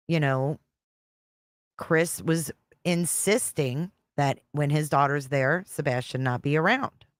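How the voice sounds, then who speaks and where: Low-voiced woman hosting a casual live stream. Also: smooth, dry recording, clean studio sound. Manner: chatty, reads viewer comments aloud. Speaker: livestream host reacting to a clip.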